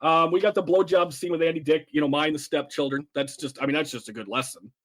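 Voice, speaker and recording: A man's voice: fairly high pitch, steady tone, fast talker, a bit bright. A man co-hosting a podcast, casually retelling favorite film lines with laughs and lots of fillers. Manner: rambling, laughs while retelling quotes. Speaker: podcast co-host. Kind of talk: casual chat about a film.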